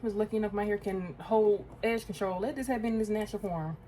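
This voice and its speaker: A woman's voice: medium pitch, fast talker, mellow, a little hiss or hum, rough recording. Young woman vlogging while she does her hair, rambly self-talk, y'all and girl every other line, medium voice. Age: 20s. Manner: chatty, talks to herself while doing her hair, calls viewers y'all and girl. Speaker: beauty vlogger. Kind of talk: casual get-ready-with-me chat.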